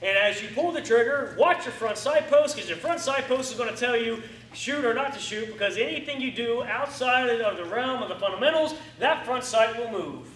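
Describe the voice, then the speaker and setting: A man teaching a firearms class in a lively coaching way, acting out his students' reactions. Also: very high voice, normal speed. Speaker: firearms instructor. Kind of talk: classroom instruction. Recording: echoey room, distant mic, faint noise.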